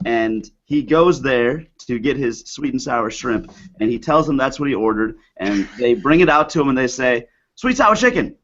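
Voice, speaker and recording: A man's voice: mid-range voice, moderate pace, few pauses, a bit bright. Amused male podcast co-host. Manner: amused, laughing storyteller. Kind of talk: casual chat, storytelling. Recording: muffled lo-fi audio.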